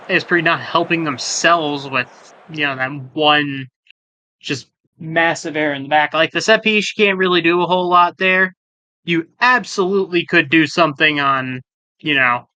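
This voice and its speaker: High-pitched, jokey male soccer commentator. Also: pushed and bright, no room sound, rough recording. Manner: jokey, rambling asides between calls, surging on chances. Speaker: play-by-play commentator. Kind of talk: sports commentary of a simulated soccer match. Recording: background noise.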